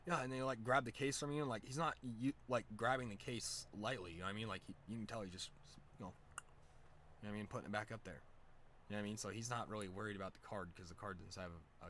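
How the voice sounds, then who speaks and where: A young man streaming, telling a rambling casual story with lots of slang and fillers, laughing often. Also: a little hiss or hum. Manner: excited, louder and higher when amused.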